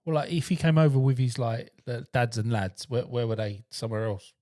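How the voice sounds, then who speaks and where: A man co-hosts a casual podcast chat, mostly chiming in with quick questions and short reactions. His voice sits at an ordinary pitch and is recorded close and dry. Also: steady tone, mellow, dry recording. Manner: brief reactive interjections and questions. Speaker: podcast co-host.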